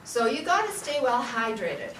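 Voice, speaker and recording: A woman singing teacher with a high, very animated voice speaks at normal speed, far from the mic, running a voice workshop for a live audience in a large room. She's playful, laughs often, and sings vowel sounds as demonstrations, in a recording with roomy echo, off-mic sound, and audible room noise.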